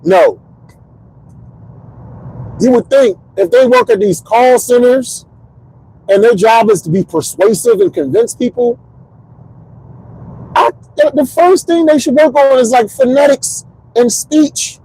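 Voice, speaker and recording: A man's voice: very high-pitched, unhurried, pauses often, slightly rough, rough recording. A man in his thirties from Connecticut, a comedian host rambling through a casual monologue from his car. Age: 30s. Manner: rambling, animated storytelling. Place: parked car.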